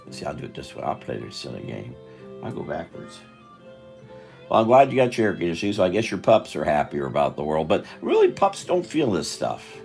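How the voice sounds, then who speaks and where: Tired older man, gravelly low voice. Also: wildly swooping pitch, brisk, darkish tone, faint music behind. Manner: meandering, self-interrupting, chatty. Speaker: live-stream artist. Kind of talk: rambling live-stream chat while drawing.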